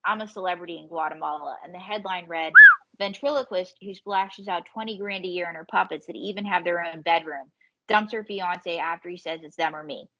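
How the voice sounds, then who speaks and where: A woman comedian and ventriloquist telling lively, swearing anecdotes as a podcast guest. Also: fairly low pitch, dull audio. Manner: animated storyteller, swearing, quick quoted voices. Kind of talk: casual podcast storytelling.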